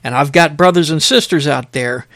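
A middle-aged man delivers sermon-like podcast talk in an emphatic, exhorting style. He drives his points home by repeating phrases. His voice sits fairly high, and the recording is close and dry. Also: normal speed, a bit bright, no echo. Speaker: podcast host.

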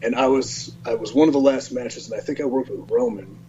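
A man in his thirties, a podcast guest, telling a story in a relaxed, self-mocking way and laughing often. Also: medium pitch, a little fast. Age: 30s. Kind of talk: casual podcast chat. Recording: slightly dull sound with faint hum.

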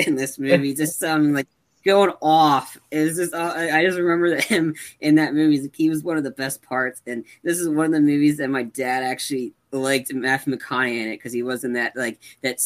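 A man co-hosting a casual podcast, retelling movie scenes in a rambling, animated way with lots of fillers. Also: a little high. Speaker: podcast co-host. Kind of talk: casual chat.

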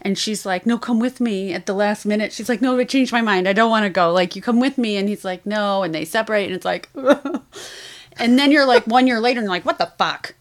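A woman co-hosting a podcast in casual chat. She tells her stories with animation and acts out the lines she quotes. Her voice sits at a moderate middle pitch. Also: fairly quick. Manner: animated storytelling, acting out quotes. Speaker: podcast co-host.

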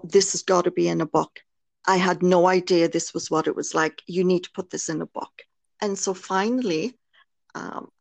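Her voice sits lowish and creaky, with no echo. In this candid podcast interview, a British nurse and author with a British English accent talks earnestly and frankly, leaning on plenty of fillers.

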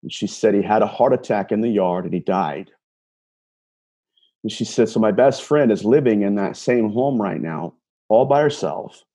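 At a moderate pace, a man with a mellow, slightly rough voice on the low side tells a personal story. Calling himself an empath, he recounts a conversation line by line, earnestly and casually, with many repeated words and restarts.

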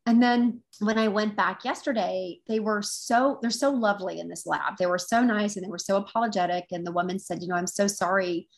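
Earnest woman guest, mid pitch. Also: fairly even intonation, brisk, few pauses. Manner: earnest, reflective storytelling. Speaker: guest, intuitive teacher. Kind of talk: casual chat.

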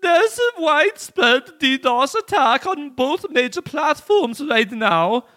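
Man doing a high, smug German tycoon voice with a comic accent. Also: sing-song, slow, fairly bright tone, heavily acted. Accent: put-on German accent. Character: man, put-on German file-sharing mogul, high and smug.

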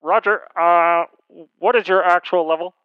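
A man's voice: sits high, steady tone, moderate pace, clear, resonant tone, highs cut off, natural voice. A man playing an air traffic controller with clipped, procedural radio phrasing, as a comedic dramatic reading. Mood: curt.

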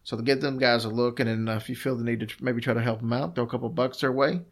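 A man's voice: mid-range voice, fairly even intonation, fast. A man co-hosting a podcast in easygoing, rambling casual chat, with plenty of fillers. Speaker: podcast co-host.

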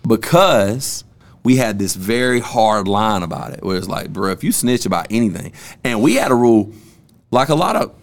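A young man with a gravelly edge to his voice spins stories on a casual podcast. His talk is loose and slangy and full of cussing. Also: on the low side, expressive, moderate pace. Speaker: podcast host.

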